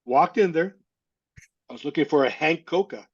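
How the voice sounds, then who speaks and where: Middle-aged guy telling his story in a chat, halting, keeps restarting, honest and open, kinda dull lo-fi sound. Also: fairly high pitch, breathy edge. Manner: halting, restarts and repeats words; candid and earnest. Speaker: interview guest. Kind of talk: casual personal storytelling. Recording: slightly dull lo-fi audio.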